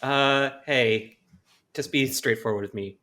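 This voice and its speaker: A man's voice: mid-range voice, takes it slowly, sharp tone. A man playing a tabletop game, speaking in character in a friendly, eager, chatty way. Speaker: player. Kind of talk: in-character tabletop role-play.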